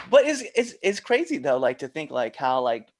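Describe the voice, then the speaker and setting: A man hosting a wrestling podcast, telling a story in a casual, animated way and acting out dialogue. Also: on the high side, a little hiss or hum. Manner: animated storyteller, acts out dialogue, many fillers. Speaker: podcast host and pro wrestler.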